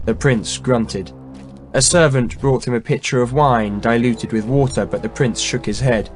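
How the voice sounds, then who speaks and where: Man narrating a historical audiobook. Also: on the low side. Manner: measured, dramatic reading. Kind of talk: scripted narration. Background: faint background music.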